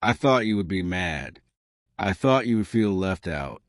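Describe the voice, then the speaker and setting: Soft-spoken grown son, apologetic, slow, lively in pitch, read by a man, dry close sound, storybook. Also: no echo. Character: grown son, young man, remorseful and gentle. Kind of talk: storybook reading.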